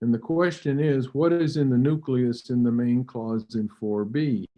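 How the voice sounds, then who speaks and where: Guy lecturing slow and halting, warm mellow voice, clears his throat a lot. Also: mid-range voice, fairly even intonation. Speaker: linguistics lecturer. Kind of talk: academic lecture. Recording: dull lo-fi recording.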